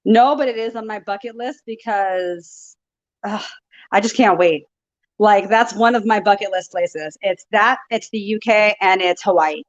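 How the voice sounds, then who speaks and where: A woman's voice: medium pitch, a little slow. Bubbly American woman, muffled line. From United States. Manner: bubbly, laughs easily, guessing aloud. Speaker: guest, wrestling referee. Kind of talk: casual interview chat.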